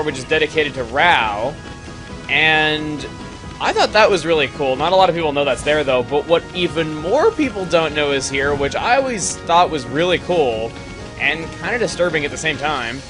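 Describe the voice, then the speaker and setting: A man giving casual, joking commentary over his gameplay, breaking into loud excited exclamations. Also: fairly high pitch. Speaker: let's play commentator. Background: game music.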